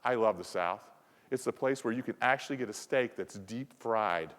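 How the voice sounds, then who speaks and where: A man's voice: fairly low pitch, normal speed, fairly bright tone. A man from the American South giving a playful conference presentation, teasing the audience. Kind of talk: keynote talk. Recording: reverberant conference hall.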